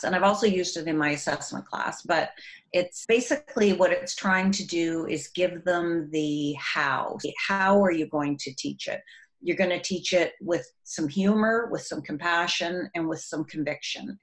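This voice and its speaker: A middle-aged woman, an author and educator, speaking earnestly in an interview and growing animated when she tells classroom stories. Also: fairly low pitch. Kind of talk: recorded interview.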